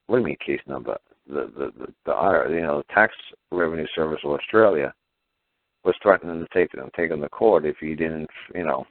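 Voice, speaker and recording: A man with an extremely low voice and plenty of vocal fry talks casually and animatedly, slipping into the voices of people he quotes. The sound is dry and squeezed thin, like a phone call. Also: dry recording. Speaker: caller. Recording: dry tinny phone line.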